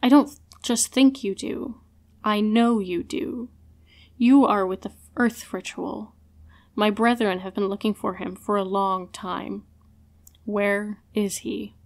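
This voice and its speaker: A woman voicing a menacing young male villain who taunts slowly and coolly, read in a storybook. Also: mid-range voice, fairly even intonation, a little mellow.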